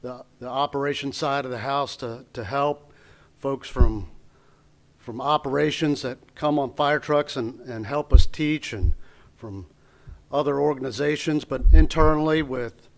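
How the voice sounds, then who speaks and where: A man's voice: mid-range voice, measured pace, gravelly. A man introducing the next segment at a graduation ceremony, hesitant and full of restarts.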